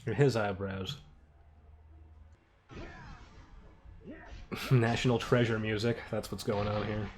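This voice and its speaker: A man's voice: on the low side, steady tone, takes it slowly, long pauses. A young man giving a casual creator commentary on his own animation, offhand and self-mocking, often laughing and swearing.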